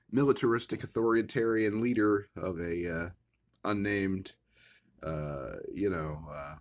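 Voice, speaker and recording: A man casually rambling at his worktable about his action figures, with many "uh" fillers and wry, self-amused asides. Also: lowish voice. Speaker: action figure collector vlogger. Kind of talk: casual rambling show-and-tell.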